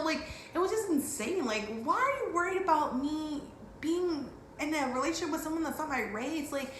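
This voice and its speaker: A woman from Dallas telling a story in a casual vlog, animated and acting out what people said. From Dallas, Texas. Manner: animated, acts out quotes with big pitch jumps. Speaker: vlogger. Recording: echoey room with faint background hiss.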